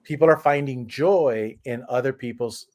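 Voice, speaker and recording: A man's voice: mid-range voice, normal speed, a little mellow. A man hosting a streamed talk show, talking in a rambling way with frequent restarts. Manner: rambling, with many restarts and fillers. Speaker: host. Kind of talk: casual discussion.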